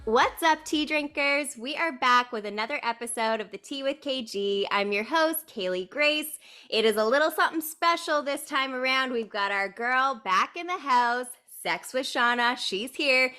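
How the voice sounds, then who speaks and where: A woman's voice: on the high side, normal speed, few pauses, bright, forceful tone, faint music behind. A woman hosting a podcast in casual chat, bubbly and effusive, laughing often. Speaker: podcast host.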